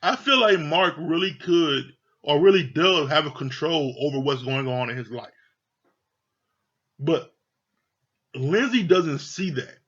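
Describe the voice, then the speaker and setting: A man's voice: on the high side, unhurried, long pauses, fairly bright tone, slightly rough. Blunt, profane man ranting on a dull recording. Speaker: reality TV reviewer. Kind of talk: casual ranting review. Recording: dull lo-fi sound.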